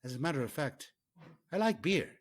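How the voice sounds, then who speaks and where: A man's voice: on the high side, very animated, fairly quick, voice pushed up. A man putting on an Irish accent to recite a jolly beer song in a lilting, sing-song way. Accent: put-on Irish.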